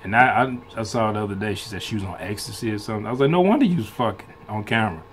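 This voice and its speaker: A man's voice: lowish voice, racing, a little hiss or hum. A man hosting a reaction video in casual, rambling commentary, swearing freely and laughing often between loose, restarting sentences. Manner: laughs often while talking.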